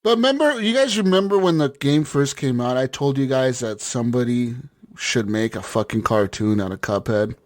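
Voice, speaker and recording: A man's voice: medium pitch, animated, normal speed. A man hosting a gaming podcast, laughing often and swearing in casual banter. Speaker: podcast host. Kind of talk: casual chat.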